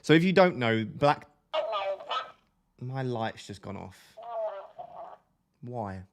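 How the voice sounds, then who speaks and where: A man with a nasal voice chatting loosely through a desk microphone during a live stream. He sits at an ordinary middle pitch and hops from joke to joke. His tone is relaxed and playful as he talks to his chat. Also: slow pace. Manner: chatty, jokey, drifts between topics. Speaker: fantasy football live streamer. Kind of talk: casual live stream, reading chat aloud.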